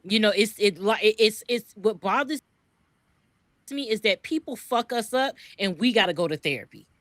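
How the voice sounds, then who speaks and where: A woman's voice: medium pitch, expressive, normal speed, fairly bright tone, no room sound. A woman co-hosting a podcast, speaking in impassioned commentary, repeating words when worked up and swearing freely. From US East Coast. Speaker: podcast co-host.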